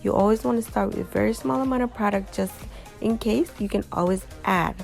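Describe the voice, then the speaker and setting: Chatty woman with vocal fry. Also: medium pitch, fairly quick, darkish tone, faint music behind. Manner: chatty, addresses viewers directly. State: tired and yawning. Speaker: small business owner and vlogger. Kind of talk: casual voice-over of a craft tutorial.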